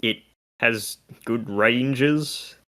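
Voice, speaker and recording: A content creator co-hosting a casual video game discussion speaks extremely slowly in a medium-pitched voice that sounds pushed and bright. He's analytical, working through stats and game mechanics in detail.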